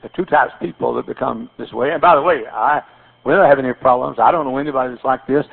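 A man's voice: medium pitch, fast, gravelly, breathy edge. An older man preaching a sermon as pastor, telling folksy stories with repeated phrases and stammered restarts. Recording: tinny phone-like sermon recording.

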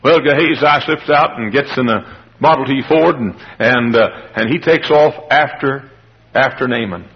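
A man preaching a revival sermon, acting out the people in the story and shouting at its high points. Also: moderate pace, long reverb tail, lo-fi sound. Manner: dramatic, acts out the characters in the story, shouts at climaxes.

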